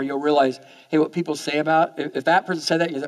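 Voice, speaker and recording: A man preaching a sermon in church, talking fast and often repeating words as he goes. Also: fairly high pitch, steady tone. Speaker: pastor.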